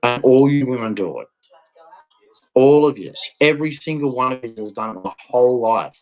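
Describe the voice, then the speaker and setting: A man's voice: medium pitch, quick pace, highs cut off, soft background music. A man ranting bitterly to camera, repeating "man" and "right" as he vents. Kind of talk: angry monologue to camera.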